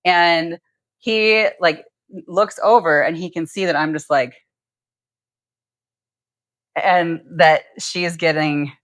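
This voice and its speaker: Low-voiced woman telling a lively story. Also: slow pace, long pauses, no echo. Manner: animated storyteller, acts out dialogue, swears casually. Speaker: podcast host. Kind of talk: casual storytelling chat.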